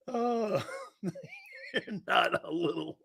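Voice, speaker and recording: Give me a giggly man hosting a live sports talk show, with a high voice and an unhurried pace. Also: vocal fry, a bit bright, breathy edge. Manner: giggly, joking, keeps breaking into laughter; reads and answers viewer comments by name.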